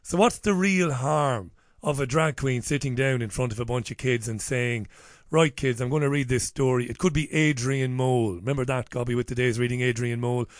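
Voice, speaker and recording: A man's voice: mid-range voice, brisk, no room sound. A man hosting a radio show from a studio, chatty and jokey as he interviews a guest. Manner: chatty, jokey, lively banter. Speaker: radio host.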